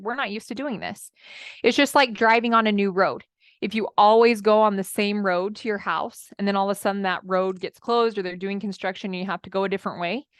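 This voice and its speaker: A woman's voice: medium pitch, a bit bright, no room sound. Chatty woman life coach, dry sound. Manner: chatty, addresses listeners as friends, acts out quoted clients. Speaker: marriage coach. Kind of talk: motivational talk.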